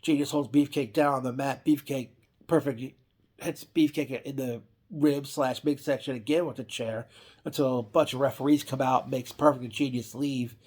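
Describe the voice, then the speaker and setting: A man's voice: mid-range voice, steady tone, moderate pace, darkish tone, slightly rough. A man casually recapping an old wrestling event, rambling with frequent restarts and self-corrections.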